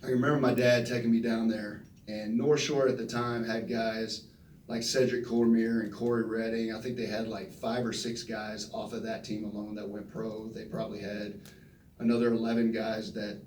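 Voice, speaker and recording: A man, telling folksy, animated stories at a press conference and acting out the quotes. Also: on the low side, moderate pace, a little hiss or hum. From Texas. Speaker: retiring football player at press conference. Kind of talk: storytelling speech. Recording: roomy echo from a distant mic.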